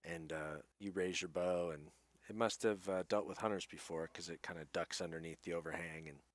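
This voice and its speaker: A man with a very deep voice runs a tabletop game. He narrates slowly and loosely, filling pauses with ums and uhs. The sound is close and dry, with no room around it. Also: steady tone, no room sound. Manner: unhurried, hesitant with many fillers. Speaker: game master.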